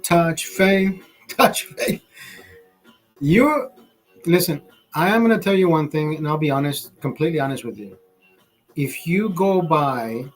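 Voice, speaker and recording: Male streamer, high voice, swears constantly, rambling live rant over faint music. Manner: profane, rambling, laughing asides. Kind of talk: livestream rant.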